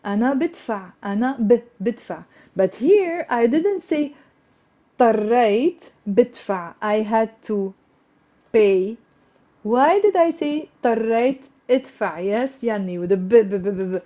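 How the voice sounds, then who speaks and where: A woman teaching a live online language lesson, slowing down and repeating words so her students can follow, then coaxing them to answer. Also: fairly high pitch, lively intonation, dark tone, lo-fi sound. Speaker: Arabic teacher.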